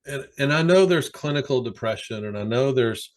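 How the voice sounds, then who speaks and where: A man who works as a sports psychologist, speaking as a podcast guest and telling animated stories with plenty of fillers. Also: medium pitch, normal speed. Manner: animated, anecdotal, many fillers. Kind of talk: conversational storytelling.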